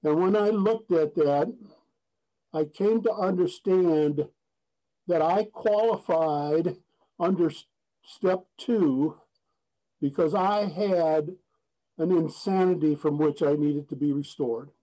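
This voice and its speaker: A man's voice: fairly high pitch, slow pace, dark tone, low-quality recording. A man giving an earnest personal testimony at a recovery meeting, speaking plainly with frequent restarts and a folksy joke. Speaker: speaker sharing his story at a recovery meeting.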